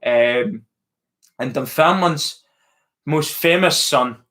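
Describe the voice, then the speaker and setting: A man's voice: fairly high pitch, takes it slowly, fairly bright tone. A man with a Scottish accent hosting a casual live-stream chat, musing aloud to viewers with plenty of fillers and restarts. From Scotland. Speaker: channel host answering live chat.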